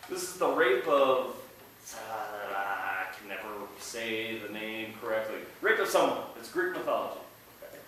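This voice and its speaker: A man teaching an art class, playful, shouting mnemonic chants with his students. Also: on the low side, lively intonation, moderate pace, slight background noise. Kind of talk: classroom lecture. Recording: echoey classroom from a distance.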